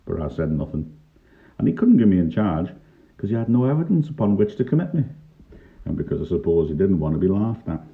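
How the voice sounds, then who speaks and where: Older man, low voice, wry storytelling. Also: very animated, fairly quick, vocal fry. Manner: wry, dry humour. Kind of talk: reminiscing first-person story narration. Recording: tinny lo-fi narrow-band recording.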